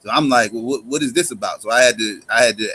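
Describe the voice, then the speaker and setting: A man's voice: mid-range voice, bright, forceful tone. A man hosting an online show, speaking hesitantly with many restarts. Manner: hesitant, halting, restarts often. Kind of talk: casual chat.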